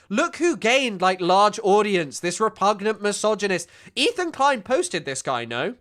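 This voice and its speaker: A man commentating casually over a video clip, scornful and quick to laugh. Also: sits high, big pitch swings, a bit bright. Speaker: streamer reacting to a clip.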